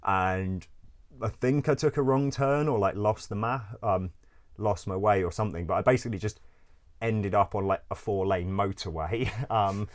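A man with a fairly low voice and normal pace rambles loosely through a story about his travels. It's casual storytelling, peppered with frequent laughter, free swearing and gap-filling "like" and "um".

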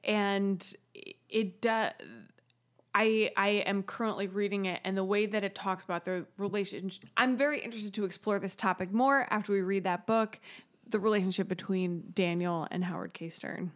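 A woman's voice: mid-range voice, fairly even intonation, normal speed. A woman co-hosting a podcast, chatting casually and sometimes restarting her sentences. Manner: conversational, hesitant restarts. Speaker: podcast co-host. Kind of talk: casual chat.

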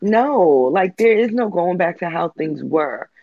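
Higher-voiced man, animated lo-fi chat. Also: normal speed, creaky, no room sound. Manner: animated, acts out voices of others. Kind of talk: casual chat. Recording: dull lo-fi dry sound.

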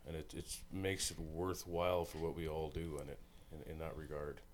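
A man from Saskatchewan, a musician, telling relaxed, rambling, self-deprecating stories in a recording studio. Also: extremely low pitch, moderate pace, a little hiss or hum. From Saskatchewan, Canada. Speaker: musical guest, singer-songwriter. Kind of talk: casual storytelling chat.

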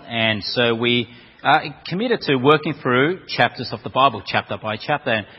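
A man preaching a sermon in a church, conversational and storytelling, often repeating words as he restarts. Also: medium pitch. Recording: dull echoey hall recording.

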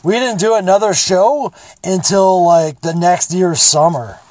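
The podcast host is a man whose high-pitched voice has a darkish tone and a slightly slow pace. His casual storytelling monologue is rambling, profane and blunt.

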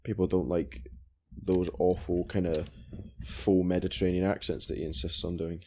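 A man's voice: deep voice, flat delivery, moderate pace, dark tone, slight background noise. A man co-hosting a film podcast, speaking in a hesitant, hedging way. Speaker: podcast co-host. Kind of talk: casual film chat.

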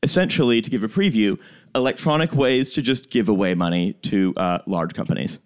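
A man's voice: fairly low pitch, fairly quick. A man from Canada hosting a casual comedy podcast, joking and laughing often. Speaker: podcast host.

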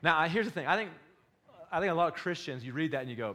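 A man preaching a sermon, with a slightly raised pitch. He fires rhetorical questions at his congregation. His delivery swings from fervent, loud peaks to quiet, intimate lows. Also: animated, fast talker. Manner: impassioned, swings between loud and hushed. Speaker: pastor.

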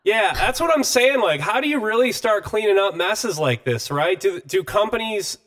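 A man's voice: high-pitched, lively intonation, normal speed, a bit bright. A man co-hosting a podcast in casual chat, laid-back and profane, with lots of "uh". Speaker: podcast co-host.

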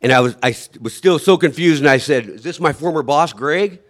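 A man whose voice is a little high relates, haltingly and emotionally, how he survived. He often stops mid-thought and starts over, and he performs the shouts he made back then.

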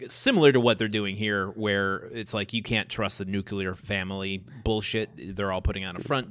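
A man's voice: on the low side, sharp tone, dry recording, clean studio sound. A man co-hosting a TV rewatch podcast, chatting casually, laughing often and swearing freely. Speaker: podcast co-host.

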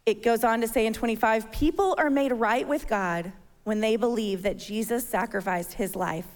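A woman's voice: fairly high pitch, normal speed. A woman in her thirties giving a sermon, telling a personal story and acting out her own panic. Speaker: church speaker. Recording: long hall reverb.

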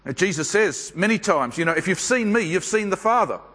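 A man preaching a sermon at a church service, speaking in a measured, unhurried way with pauses and fillers. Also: sits high, lively intonation, fairly bright tone, long reverb tail.

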